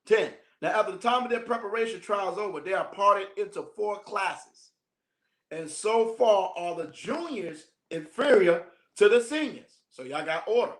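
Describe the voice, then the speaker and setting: A man's voice: high voice, expressive, moderate pace, roomy sound. A man teaching as a minister, reading a text aloud and breaking off into slangy, joking asides with frequent laughs.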